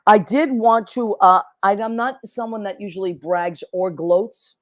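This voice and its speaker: A woman's voice: mid-range voice, a little slow, no room sound, clean studio sound. A woman hosting a talk show, chatting in an effusive, rambling way. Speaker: show host. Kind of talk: casual chat.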